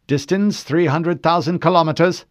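A man doing an alarmed officer shouting warnings. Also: fairly high pitch, steady tone, dry recording, clean studio sound, pitched above the performer's own voice, lightly acted. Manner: urgent, rushed shouting.

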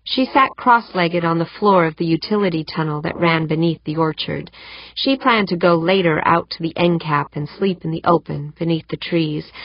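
A woman with a lowish voice narrates an audiobook calmly and evenly. The sound is dry and a little dull. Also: no room sound. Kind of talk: scripted narration.

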